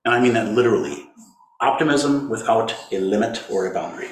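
A man giving a gentle, playful Zen dharma talk, laughing often as he teaches. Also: lowish voice, lively intonation, brisk. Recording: roomy hall.

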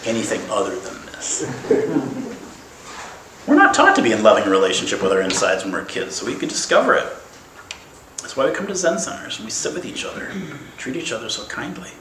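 A man giving an animated, playful dharma talk as a Zen teacher, laughing often. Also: lowish voice, fairly quick, pauses often, slight background noise. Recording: echoey room, mic at a distance.

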